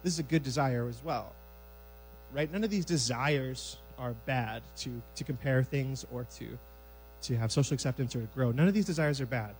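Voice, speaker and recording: A man preaching a sermon in a church sanctuary, conversational and lively, acting out scenes from scripture. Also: medium pitch, normal speed, slight background noise, rough recording.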